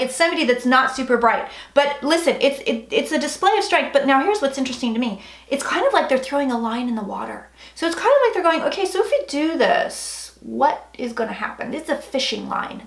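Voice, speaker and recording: A woman's voice: sits high, fairly bright tone. A young woman hosting a casual tarot livestream, chatty and frank, swearing and reading viewer comments aloud. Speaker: psychic livestream host. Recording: echoey room, faint noise.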